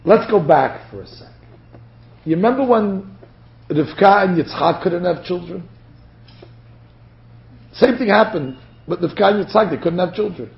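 Animated man teaching a Torah class. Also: high voice, unhurried, vocal fry, pauses often. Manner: animated, acts out quotes. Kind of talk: lecture to a class. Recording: dull lo-fi lecture recording.

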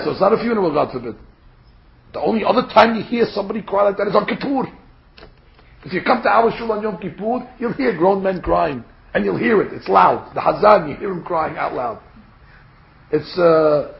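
A man with a fairly high, gravelly voice leads a Torah lesson, earnest and emphatic, leaning into rhetorical questions. The recording is echoey and dull, like a lo-fi capture in a roomy hall. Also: animated, moderate pace. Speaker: Torah teacher. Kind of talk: Torah class lecture. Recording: echoey room, dull lo-fi sound.

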